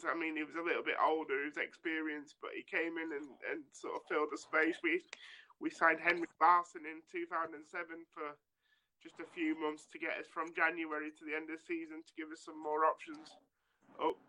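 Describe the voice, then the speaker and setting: Man, very bright tone, slightly high pitch, casual football talk, long reasoned points. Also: little pitch movement, brisk, low-quality recording. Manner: long, reasoned explanations with frequent "you know". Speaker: podcast panelist.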